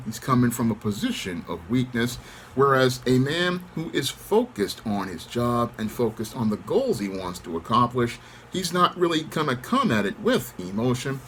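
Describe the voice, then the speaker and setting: A middle-aged man delivers a steady monologue to camera, holding a calm, controlled manner and circling back to the same phrases. His pitch moves around a fair bit even as he keeps his composure. A faint hiss of background noise sits under the voice. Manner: repeats set phrases. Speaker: channel host.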